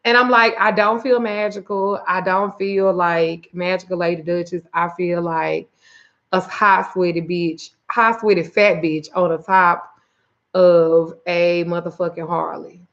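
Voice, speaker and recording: A woman's voice: on the low side, fairly even intonation, a little slow, a bit bright, dull audio. A woman who does spiritual readings and root work, telling a profane, exasperated story in a casual livestream and greeting viewers by name. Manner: reads viewer names aloud. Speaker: spiritual reader and root worker.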